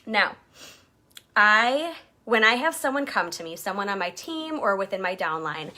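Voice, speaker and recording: A woman's voice: medium pitch, big pitch swings, moderate pace, sharp tone. A woman leading a direct-sales team, giving a chatty motivational coaching talk and acting out quotes in jumpy voices.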